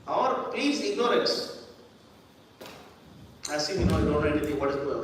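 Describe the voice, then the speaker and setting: A man's voice: a little high, lively intonation, normal speed, slight background noise. A man preaching a sermon in a conversational way, repeating words and acting out the people he quotes. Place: temple hall. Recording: echoey hall from far off.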